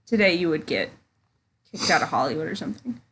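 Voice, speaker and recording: A woman co-hosting a casual movie chat show, playful with quick reactions. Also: deep voice, sing-song, a bit bright, slightly rough. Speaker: podcast co-host.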